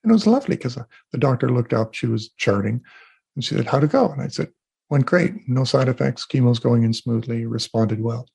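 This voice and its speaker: A man being interviewed as an energy healer, telling animated stories and acting out what people said. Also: medium pitch, fairly quick, vocal fry, breathy edge. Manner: animated storyteller, acts out quotes. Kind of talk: casual interview talk.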